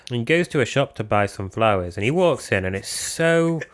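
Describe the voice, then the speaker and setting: A young man co-hosting a casual film podcast, retelling scenes in an animated way and acting out quotes. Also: mid-range voice, a little fast. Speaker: podcast co-host. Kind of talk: casual chat about films.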